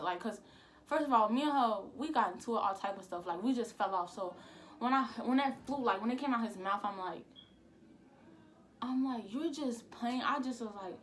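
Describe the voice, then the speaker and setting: A woman's voice: fairly high pitch, brisk, slight background noise. A young woman vlogger telling a casual storytime. She rambles, repeats "I'm like" and uses a lot of slang.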